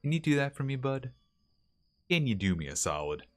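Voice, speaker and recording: A man's voice: mid-range voice, sing-song, normal speed, faint music behind. A man streaming a ghost-hunting game, chatting casually with viewers and asking the ghost questions, with mild allergies. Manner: chatty, talks to himself and chat, asks the ghost questions.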